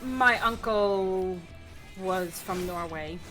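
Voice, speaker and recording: A woman's voice: medium pitch, drawn-out words, sharp tone, faint music behind, rough recording. An older woman chatting casually while gaming with her son, chatty and teasing. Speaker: guest player.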